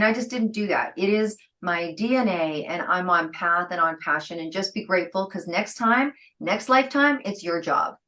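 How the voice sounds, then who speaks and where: A middle-aged woman, a guest entrepreneur, telling stories in an interview, lively and laughing, acting out the people she quotes. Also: on the low side, low-quality recording. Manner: lively, acts out quoted dialogue, laughs often. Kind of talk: storytelling interview talk.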